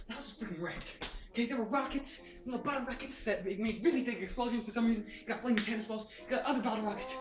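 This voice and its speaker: A hyper young man retelling a movie in a casual, excited way, laughing and making sound effects, filmed on his sister's phone. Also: sits high. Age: young adult. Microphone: phone held by his sister. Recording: roomy and far from the phone, with music.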